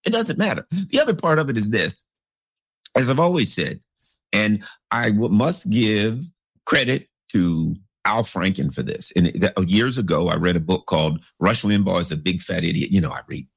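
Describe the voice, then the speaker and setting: Husky rambling male commentator. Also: on the low side, animated, normal speed, no room sound, clean studio sound. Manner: rambling, storytelling, sarcastic. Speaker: commentary host. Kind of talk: political commentary monologue.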